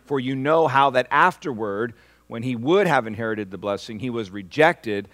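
A man preaching a sermon as pastor, asking the congregation for responses and swinging from hushed, slow lines to loud, rising ones. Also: mid-range voice, animated.

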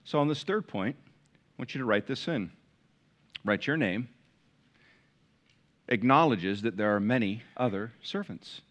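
A male pastor preaching a sermon to a large church, swinging from loud emphatic peaks to quiet, hushed lines. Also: mid-range voice, expressive, measured pace, pauses often. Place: large church with balcony, live congregation.

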